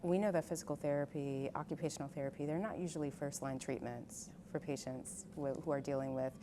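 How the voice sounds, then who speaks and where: A woman's voice: low voice, steady tone, fast, background noise. A woman interviewer asking questions in a casual way, with hedging "like" fillers. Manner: asks questions with hedging likes.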